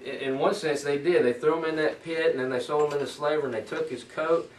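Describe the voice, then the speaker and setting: A man's voice: a little high, steady tone, fairly quick. Man teaching a Bible study in an echoey room. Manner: reads scripture aloud, then explains it conversationally. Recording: echoey room, mic at a distance, faint ambient noise.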